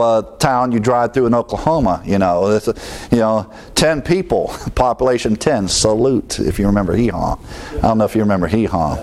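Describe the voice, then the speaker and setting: Man, pastor type, teaching scripture conversationally, off-the-cuff asides. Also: lowish voice. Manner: conversational, with fillers and asides, chuckles at own remarks. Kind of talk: Bible teaching sermon.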